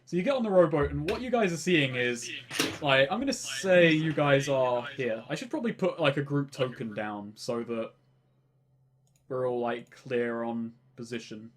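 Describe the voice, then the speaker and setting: A man's voice: medium pitch, moderate pace. Casual male game master. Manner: casual, relaxed, explains rules. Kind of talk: narrating a tabletop game.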